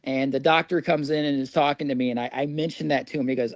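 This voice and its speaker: A man in his forties who grew up in Indiana talks as a podcast guest, spinning his stories in a loose, chatty way. He laughs easily at his own misadventures. His voice sits at an ordinary middle pitch, and the recording is dry and close. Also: steady tone, quick pace, hardly any pauses, dry recording. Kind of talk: casual storytelling.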